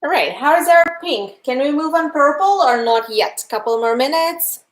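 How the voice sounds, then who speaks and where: A young woman with a Russian accent leads a live painting tutorial, her voice sitting a little high. She walks viewers through each step in a chatty, friendly way. She speaks to them directly and answers their chat messages as she goes. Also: animated, moderate pace. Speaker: painting instructor. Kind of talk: live-streamed painting lesson.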